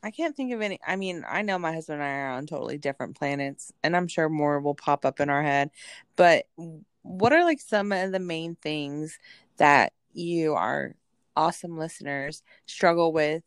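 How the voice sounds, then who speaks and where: Woman podcast cohost, really low voice, dry close mic, easygoing chatty. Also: expressive, normal speed, clean tone, no room sound. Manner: conversational, agreeable, frequent "yeah". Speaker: podcast co-host. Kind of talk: casual chat.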